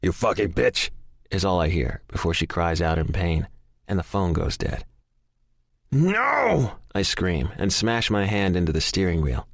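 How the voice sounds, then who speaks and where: Male audiobook narrator: very deep, expressive, profane first-person romance read, dry studio sound. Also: moderate pace, no echo. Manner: profane, intense, emotionally charged.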